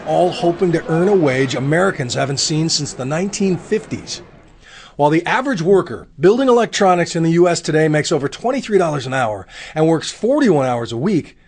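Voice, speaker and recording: A man reporting a news story, narrating in an earnest, measured way and then talking it over in the studio. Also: fairly high pitch, slight background noise.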